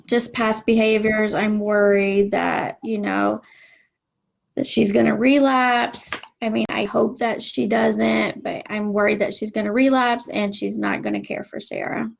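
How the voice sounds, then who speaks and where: A woman's voice: medium pitch, steady tone, a little slow, gravelly. A woman playing a worried grandmother in a role-play, stammering and hedging. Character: worried grandmother, mother of the daughter. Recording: muffled lo-fi recording.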